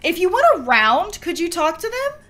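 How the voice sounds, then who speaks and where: A woman chatting casually as she streams a game, reacting out loud and talking to her chat. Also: very high voice, very animated, normal speed, soft background music.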